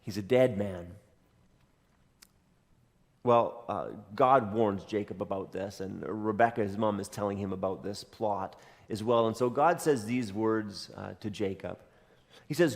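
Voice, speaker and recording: A man's voice: fairly low pitch, measured pace. A man preaching a sermon as a pastor, telling a story in a conversational way with dry jokes. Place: church sanctuary. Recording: long hall reverb.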